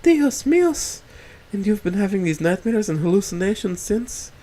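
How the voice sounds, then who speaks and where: A man's voice: high-pitched, fairly quick, a little hiss or hum, voice pushed up, natural voice. A man reading a story aloud on stream, voicing a chirpy, caring young woman who drives. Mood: worried. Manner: bright, fussing, concerned.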